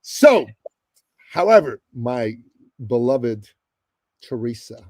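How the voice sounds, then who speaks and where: A man from the Middle East, a guest on a podcast, telling a story with emphatic pauses and asides to the host. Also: medium pitch, big pitch swings, a little mellow, no echo. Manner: emphatic, addresses the host often, dramatic pauses. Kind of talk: animated storytelling in a podcast interview.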